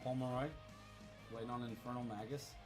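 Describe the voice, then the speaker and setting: A man's voice: mid-range voice, level tone, a little fast, over music. A man casually telling a rambling, profane story to a live chat, repeating himself as he goes.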